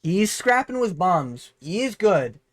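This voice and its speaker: A man's voice: sits high, sing-song, takes it slowly, no room sound, clean studio sound. A man vlogging a casual fight breakdown, rambling, sarcastic and swearing freely. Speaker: MMA commentator vlogger.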